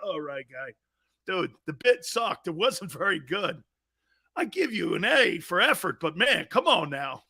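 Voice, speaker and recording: A man's voice: sits high, sing-song, measured pace, gravelly, sharp tone, husky. A man hosting a sports talk show in a blunt, profane, mocking monologue, laughing often.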